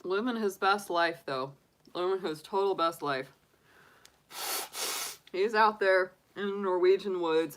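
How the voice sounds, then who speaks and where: A woman in her forties, a tarot reader chatting casually on a live stream and laughing often. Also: fairly low pitch. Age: 40s.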